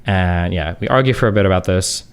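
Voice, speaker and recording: A streamer in his thirties vents casually, sarcastic and exasperated, and mimics other people mid-story in mocking voices. His voice is deep, clear and resonant, and he talks fairly quickly.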